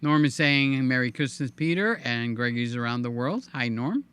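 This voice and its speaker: An older man hosting a live stream in a casual, chatty way, reading viewer comments aloud with a hoarse, tiring voice. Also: mid-range voice, expressive, normal speed, fairly bright tone. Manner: chatty, reads viewer comments aloud, hums filler sounds. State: hoarse, voice giving out. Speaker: livestream host.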